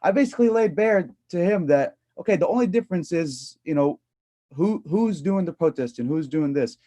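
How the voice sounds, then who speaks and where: A man on a panel retelling a conversation in a casual, animated way, often starting with a hesitant "uh". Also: fairly high pitch, moderate pace. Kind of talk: casual storytelling.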